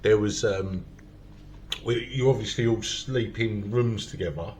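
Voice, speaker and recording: A man's voice: on the low side, unhurried, slight background noise. A man hosting a comedy podcast, telling a rowdy story in casual chat and swearing freely. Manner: swears a lot, loud storytelling with acted quotes. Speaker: podcast host.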